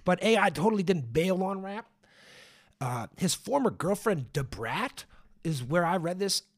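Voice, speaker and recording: Loose, rambling man with a high voice. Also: very animated, unhurried. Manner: rambling and profane, many fillers and asides. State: hiccuping. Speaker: podcast host. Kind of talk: casual solo podcast monologue.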